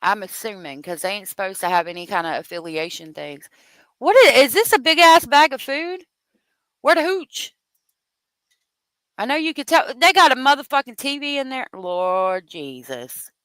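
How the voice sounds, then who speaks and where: Animated, cussing true crime host woman. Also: on the high side, moderate pace, smooth, dry recording, rough recording. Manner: profane, exasperated ranting. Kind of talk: unscripted true crime commentary.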